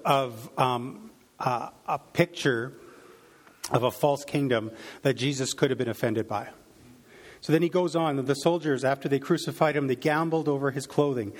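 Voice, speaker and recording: A man preaching, reading a Bible passage aloud and reflecting on it, with frequent fillers and restarts. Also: mid-range voice. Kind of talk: sermon reading and teaching from scripture.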